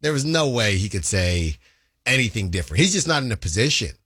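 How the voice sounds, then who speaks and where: A man's voice: fairly low pitch, very animated, fairly quick, fairly bright tone, husky, dry recording, clean studio sound. Wry rambling sports radio man. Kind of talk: casual sports radio chat.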